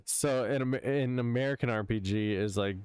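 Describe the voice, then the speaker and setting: A man co-hosting a casual podcast chat, talking in a measured way and patiently explaining things. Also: medium pitch, a little mellow, clear, resonant tone, no room sound. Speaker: podcast co-host.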